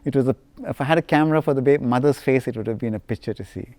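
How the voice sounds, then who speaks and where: A man from India recalls his life in a lively, playful, anecdotal way. His voice is mellow and warm, sitting at an ordinary pitch. The recording is dry and close. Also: very fast, no echo. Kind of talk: personal storytelling.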